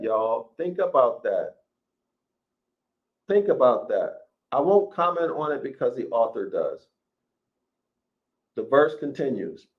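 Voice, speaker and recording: A man with a medium-pitched voice and big pitch swings lectures, reading scripture aloud and commenting on it emphatically and deliberately while addressing listeners as "y'all." His voice is troubling him and he needs water, and the recording is dull and lo-fi.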